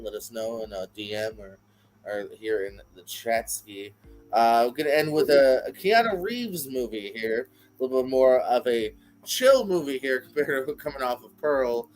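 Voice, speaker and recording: A man co-hosting a live show, chatting casually and agreeably about movie ratings. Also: medium pitch. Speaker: podcast co-host. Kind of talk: casual live-stream chat.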